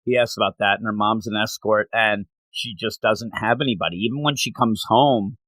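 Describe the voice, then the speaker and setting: A man's voice: lowish voice, normal speed, dry recording. A man co-hosting a manga review show, animatedly retelling the story in casual chat and emotionally invested in it. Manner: animated retelling, acting out characters' lines.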